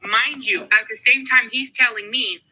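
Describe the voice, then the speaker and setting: A woman's voice: on the high side, moderate pace, breathy edge, poor audio. A young woman telling a dating drama story to her viewers in a casual, chatty way, swearing freely and filling gaps with "like" and "um". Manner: animated, profane, chatty with many fillers. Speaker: storytime host.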